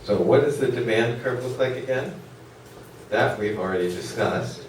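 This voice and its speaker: Lecturer in an echoey hall. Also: male voice, mid-range voice, normal speed, recorded from a distance, a little hiss or hum. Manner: rambling, asks the class questions, many fillers. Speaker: economics lecturer. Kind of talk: classroom lecture.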